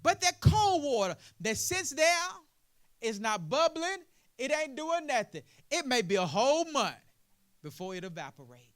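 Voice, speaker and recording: A male preacher giving a sermon in a call-and-response style, asking "what?" and answering himself, building from quiet explaining to loud preaching. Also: very high voice, big pitch swings, moderate pace.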